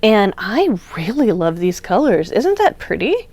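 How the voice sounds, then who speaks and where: A woman's voice: medium pitch, sing-song, a little slow, darkish tone, dry recording. Woman, craft vlog host, chatty, gushing, lots of ums, casual unboxing talk. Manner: gushing, chatty, many fillers.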